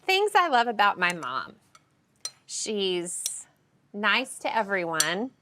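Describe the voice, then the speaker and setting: Over background music and a sizzling pan, this cooking show host chats playfully with her crew during a casual home-kitchen demonstration. Her mid-range voice is sing-song and sharp-toned, she takes it slowly, and there's a little hiss or hum.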